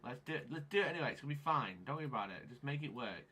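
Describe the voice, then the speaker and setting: A man's voice: medium pitch, lively intonation, rapid-fire, pushed and bright, breathy edge. A man live-streaming, frantic and swearing as he mutters to himself, recorded on an onboard camera microphone. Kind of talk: livestream chat.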